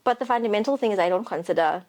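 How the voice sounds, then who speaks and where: A woman's voice: mid-range voice, darkish tone. A young woman co-hosting a casual podcast, chatting reflectively and joking easily. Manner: chatty, reflective, quick to joke. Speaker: podcast co-host. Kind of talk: casual chat.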